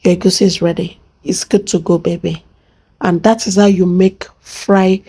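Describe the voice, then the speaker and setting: A woman's voice: on the low side, level tone, normal speed, mellow, breathy edge. A Nigerian woman hosting a casual cooking vlog, playful and chatty, talking to her viewers and to the pot as she cooks. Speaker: cooking channel host.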